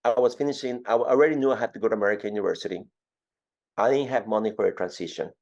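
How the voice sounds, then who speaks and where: Talking very fast in a low voice with vocal fry, a fifties-aged man from Ecuador recounts his life as an interview guest. He's animated and repeats words frequently, speaking with an Ecuadorian Spanish accent, and the audio is dull.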